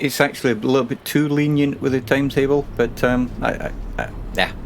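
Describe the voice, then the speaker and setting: A man's voice: medium pitch, slight background noise. A man casually commentating his own driving game stream, chatting and rambling to himself and his viewers.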